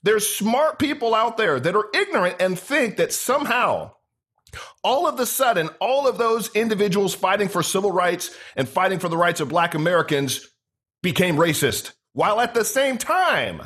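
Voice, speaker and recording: A man hosting a political interview, speaking in an animated, indignant rhetorical way. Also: sits high, moderate pace, husky. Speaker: show host.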